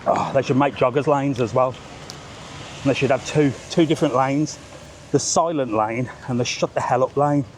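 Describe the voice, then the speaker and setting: A man's voice: mid-range voice, normal speed, slight background noise. A man walking a street on a live stream, ranting bluntly and joking with passers-by. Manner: blunt, sweary, joking, ranty. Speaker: vlogger and tour seller. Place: outdoor seafront street.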